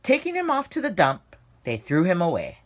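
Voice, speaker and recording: A woman reading a children's story aloud, with expressive, dramatic storytelling and slowed emphasis. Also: fairly low pitch.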